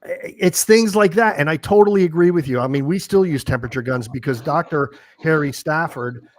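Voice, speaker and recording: A male host with a fairly high voice, recorded dry and close with no room sound. He chats eagerly with his guest, speaking in quick bursts and restarting his sentences. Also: no echo. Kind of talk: casual interview chat.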